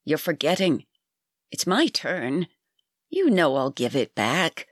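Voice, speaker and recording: A harsh, crafty old crone, voiced by a reader, hissing one moment and wheedling the next. She speaks at a middling pitch, as in a storybook read aloud. The sound is close and dry, with no room around it. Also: very animated, takes it slowly, dry recording. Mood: coaxing. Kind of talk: storybook reading.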